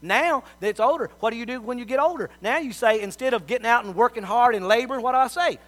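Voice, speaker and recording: A middle-aged man preaching a sermon, telling folksy family stories and swinging from soft asides to loud appeals. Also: extremely high pitch, quick pace. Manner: folksy storytelling with big swings in loudness.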